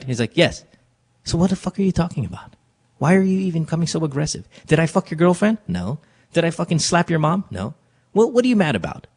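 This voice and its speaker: A man hosting a radio advice show, talking bluntly and profanely in animated stories. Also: on the high side, fairly quick, creaky, breathy edge. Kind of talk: casual radio talk.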